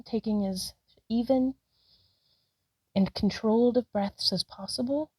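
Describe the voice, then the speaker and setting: A breathy woman guides her own yoga flow, sighing between cues and out of breath, her voice mellow and warm. She stays upbeat and self-encouraging, recorded dry and close with no room sound. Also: on the high side, a little slow, no echo, low-quality recording. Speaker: yoga vlogger. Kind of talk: guided yoga practice narration.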